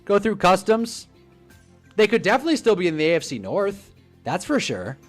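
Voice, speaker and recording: Animated young man, lively pitch. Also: faint music behind. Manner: animated, rambling, quick to joke. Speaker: football livestream host. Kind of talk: casual livestream chat reacting to chat.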